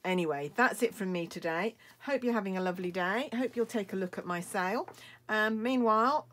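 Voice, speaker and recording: A woman's voice: mid-range voice, a little fast, a bit bright. A woman from the UK, a craft demonstrator, chatting casually and gushing about a card-making kit with many ums and restarts. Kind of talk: casual product show-and-tell.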